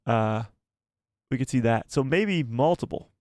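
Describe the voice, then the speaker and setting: Brief: male streamer, mid-pitched, chatty and easygoing, reads chat aloud, close dry headset sound. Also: expressive, a little slow, a little mellow, no room sound. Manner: chatty, laughs often, talks to viewers by name. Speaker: live stream host. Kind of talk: casual live-stream chat reading viewer messages.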